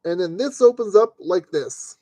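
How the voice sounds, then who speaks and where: Guy with a high mellow voice muttering through a model build at his desk, dry close sound. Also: lively intonation, moderate pace, dry recording. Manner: chatty, talks himself through each step. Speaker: streamer building a model kit. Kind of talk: casual live-stream narration. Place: at a desk indoors.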